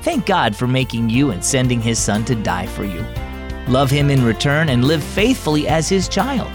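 A man hosting and reading a children's story in a gentle, reassuring way. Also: medium pitch, big pitch swings, moderate pace, over music. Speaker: host and storyteller. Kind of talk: scripted story narration for children.

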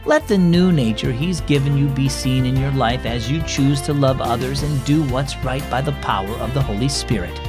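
A man's voice: mid-range voice, normal speed, hardly any pauses, music in the background. A man hosting and narrating a children's Christian devotional, reading the story in a friendly, storyteller manner.

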